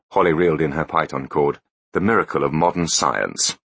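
A man narrating an audiobook with expressive storytelling delivery. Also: a bass voice, a little fast, creaky, husky, dry recording. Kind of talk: scripted narration.

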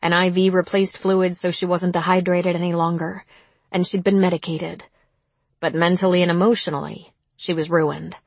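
Husky-voiced woman reading a somber story. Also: fairly low pitch, little pitch movement, a little mellow, dry recording. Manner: measured, somber. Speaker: narrator. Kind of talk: audiobook narration.

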